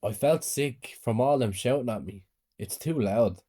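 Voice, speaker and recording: A man calmly narrating a scripted first-person horror story. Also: mid-range voice, unhurried, husky.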